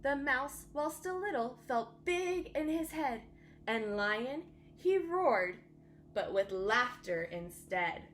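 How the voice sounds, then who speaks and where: A woman reads a children's bedtime story at an unhurried, gentle pace, her voice sitting a little high. Her delivery lilts softly through the rhymes. A faint hum of noise lies under the recording.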